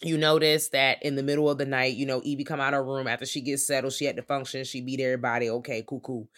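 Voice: medium pitch, little pitch movement, fast talker, a bit bright. A co-host on a casual movie-review podcast speaks in a mid-range voice. They lay out their points one by one and think aloud, with fillers like "you know" and "like." Swearing comes easily.

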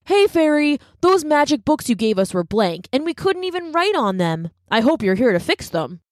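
A woman's voice: high-pitched, sing-song, normal speed, dry recording, voice pushed up. A woman putting on a curious, mischievous little boy with a raised, childlike voice. He talks in eager questions that bounce up and down, recorded close and dry.

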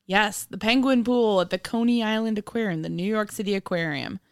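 A woman's voice: mid-range voice, fairly quick, smooth, no echo, clean studio sound. Giggly young woman co-hosting a chat. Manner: playful, giggly, jokey. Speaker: podcast co-host. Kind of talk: casual chat.

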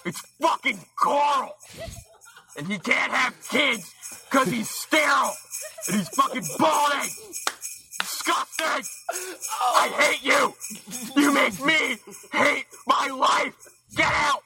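A man's voice: very high-pitched, takes it slowly, pauses often. A man ranting and screaming profane insults in a comedic recorded message. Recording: played back with jingle music.

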